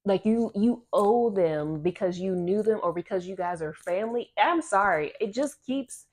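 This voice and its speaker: A woman's voice: medium pitch, animated, moderate pace, darkish tone. A woman reading oracle cards for her viewers, rambling and repeating herself in casual, slangy talk. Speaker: oracle card reader. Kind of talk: casual channeled card reading.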